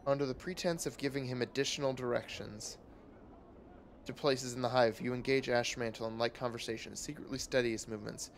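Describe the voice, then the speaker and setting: A man streaming a game who reads its text aloud in a steady, measured way. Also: medium pitch, creaky, slight background noise.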